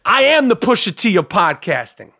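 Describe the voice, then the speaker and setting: A man hosting a solo comedic podcast, ranting in a profane, animated, mock-outraged way. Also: high-pitched, moderate pace, vocal fry, no room sound. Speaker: podcast host.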